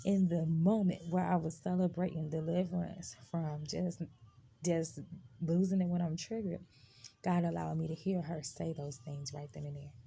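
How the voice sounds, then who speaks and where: A woman's voice: sits low, creaky, mellow, husky. A woman hosting a live stream, sharing her faith testimony in a casual, emphatic way and talking straight to her viewers. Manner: emphatic, conversational, addresses viewers directly.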